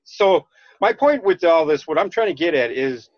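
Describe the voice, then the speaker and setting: A man from Minnesota with a Minnesota accent, rambling in casual chat as a podcast host, halting and restarting often. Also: on the high side, expressive, no room sound. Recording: dull lo-fi dry sound.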